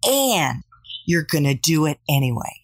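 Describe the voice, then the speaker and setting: A woman's voice: deep voice, sing-song, measured pace, husky, dry recording, clean studio sound. A woman hosting a podcast, chatting with enthusiasm and encouragement and acting out quoted voices as she talks. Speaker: podcast host. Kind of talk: casual interview chat.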